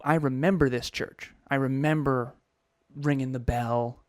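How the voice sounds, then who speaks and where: A man's voice: mid-range voice, fairly even intonation, measured pace, dry recording, studio quality. A man in his thirties co-hosting a podcast, telling a personal story in an emotional, confessional way with frequent restarts. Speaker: podcast co-host.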